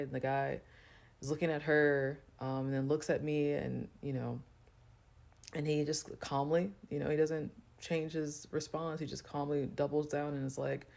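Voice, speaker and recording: A woman's voice: low voice, creaky, a little mellow. A woman telling a personal story to camera in a loose, chatty way, full of fillers. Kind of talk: casual storytime monologue.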